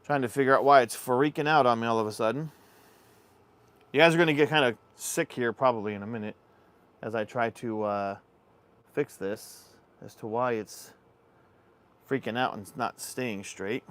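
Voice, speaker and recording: A man's voice: mid-range voice, moderate pace, long pauses. A man casually hosting a livestream, chatting easily and reading viewer comments. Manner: relaxed, chatty, addresses viewers as y'all. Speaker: livestream host.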